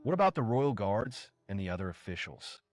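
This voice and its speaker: A man voicing a sharp, scornful empress mother who scolds curtly in a story recap. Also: lowish voice, sing-song, a little fast. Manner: curt and scolding.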